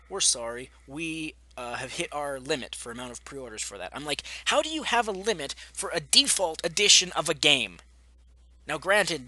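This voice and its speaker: A man's voice: medium pitch, bright, forceful tone. A man from Canada, a gaming vlogger, delivering an exasperated, profane rant full of sarcastic asides. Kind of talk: ranting vlog monologue.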